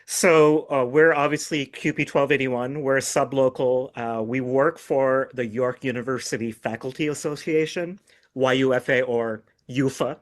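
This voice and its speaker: A man's voice: medium pitch, fairly even intonation, moderate pace. A man who works as a union staff representative, a guest on a podcast interview, explaining his work casually with some fillers.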